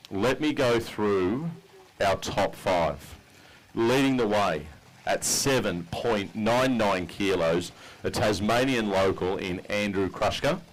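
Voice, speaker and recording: A man's voice: lowish voice, rough recording. Australian man emceeing a fishing weigh-in. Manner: matey, upbeat banter with anglers. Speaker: tournament weigh-in MC. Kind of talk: live weigh-in commentary. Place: outdoors at a boat ramp.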